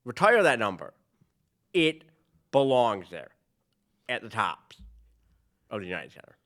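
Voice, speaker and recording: Bright-voiced easygoing sports co-host man. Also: fairly low pitch, very animated. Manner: easygoing, quick asides, runs his sentences on. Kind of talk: casual sports chat.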